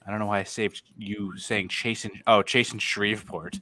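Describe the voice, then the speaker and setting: A man co-hosting a podcast in casual chat, loud and excitable, laughing and swearing often. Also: on the low side, normal speed, a crowd in the background. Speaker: podcast co-host.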